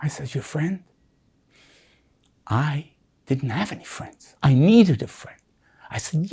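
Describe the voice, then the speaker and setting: Husky older man telling his story. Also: on the high side, takes it slowly, long pauses. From United States. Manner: animated, acts out voices in his story. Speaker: interviewee. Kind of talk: emotional storytelling.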